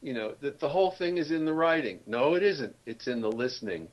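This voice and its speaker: A man's voice: mid-range voice, animated, fairly quick, dull audio. Older male author telling stories. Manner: warm anecdotal storyteller, laughs often. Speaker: author and storyteller guest. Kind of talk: casual interview chat.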